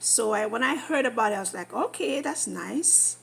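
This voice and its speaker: A woman in her thirties vlogging, telling an excited story with gushing, animated exclamations. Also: a little high, moderate pace, creaky, slightly rough. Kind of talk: excited casual vlog.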